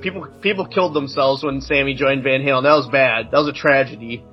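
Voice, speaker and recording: A man's voice: mid-range voice, fast, muffled recording, faint music behind. A man co-hosting a casual chat, tossing in joking, wry asides. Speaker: podcast co-host.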